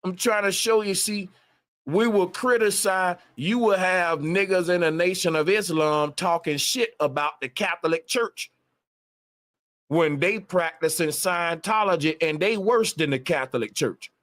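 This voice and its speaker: A man's voice: high-pitched, unhurried, a bit bright. A man on a livestream, ranting emphatically with a lot of profanity and repetition. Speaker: live streamer. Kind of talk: casual livestream rant.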